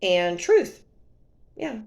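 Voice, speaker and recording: A woman's voice: medium pitch, sing-song, very slow, gravelly, darkish tone. A woman vlogging to camera in a casual, sarcastic, exasperated way.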